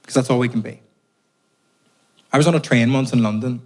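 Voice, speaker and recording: A man's voice: mid-range voice, brisk, a little mellow. Young irish guy doing stand-up, storytelling with sweary punchlines, live crowd. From Ireland. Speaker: stand-up comedian. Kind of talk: stand-up comedy set. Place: theatre stage before a live audience.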